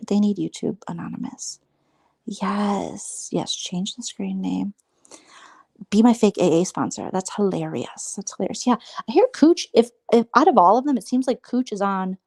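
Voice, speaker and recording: A woman's voice: moderate pace, vocal fry, darkish tone, husky, dry recording. A woman hosting a casual late-night livestream, rambling and sarcastic, mocking others by mimicking them. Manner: gossipy, mocking, mimics others in high squeaky voices. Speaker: livestream host.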